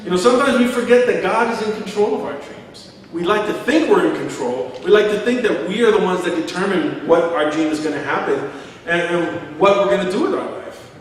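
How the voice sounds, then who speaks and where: A man's voice: high voice, fairly quick. A middle-aged man preaching a sermon as pastor, telling stories, acting out quotes and chuckling as he goes. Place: large church hall. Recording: echoey hall from far off.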